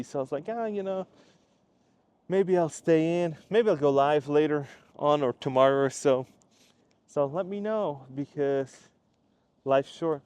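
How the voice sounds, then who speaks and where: A man's voice: medium pitch, a little mellow. A man talking casually in a walking vlog outdoors, earnest and rambling, often repeating himself. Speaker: YouTube creator. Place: outdoors on a walk.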